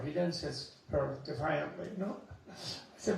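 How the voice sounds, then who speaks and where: Gravelly man telling stories in echoey hall. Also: on the high side, moderate pace. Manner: animated storyteller, chuckling asides. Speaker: Buddhist scholar giving a talk. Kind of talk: dharma talk with anecdotes. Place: temple hall. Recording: echoey hall, mic at a distance.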